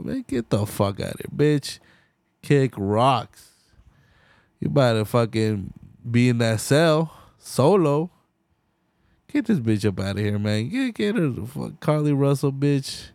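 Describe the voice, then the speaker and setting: A man ranting hard on his own podcast, cursing freely and jumping into sneering mock voices of the people he is arguing against. His voice sits in a middle pitch, and the sound is dry and close with no room around it. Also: big pitch swings, a little slow, a little mellow, no room sound. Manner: profane, heated, swinging into mocking voices. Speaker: podcast host. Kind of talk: solo podcast rant.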